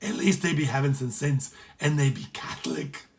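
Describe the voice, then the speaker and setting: A man voicing a rough old Irish pirate with a heavy brogue who talks in an excitable, jeering way. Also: a little high, moderate pace, close to an everyday voice. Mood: scornful.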